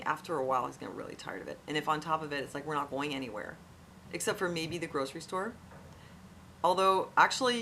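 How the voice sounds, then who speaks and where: A woman's voice: sits low, a bit bright, a little hiss or hum. A middle-aged woman and parent, giving earnest, frank advice straight to camera in a casual talk. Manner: earnest, frank, repeats words when emphasizing. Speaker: parent vlogger.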